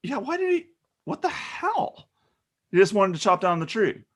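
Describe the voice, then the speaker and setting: A man's voice: high voice, big pitch swings, normal speed. A man co-hosting a casual chat, reacting with jokes and disbelief. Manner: joking, incredulous reactions. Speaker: co-host.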